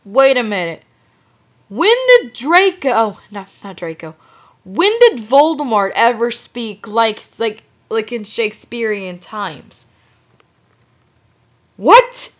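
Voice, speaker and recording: A woman reading a story aloud for comedy, with exasperated, halting asides. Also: a little high, expressive. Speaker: reader and commentator. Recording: dull lo-fi recording.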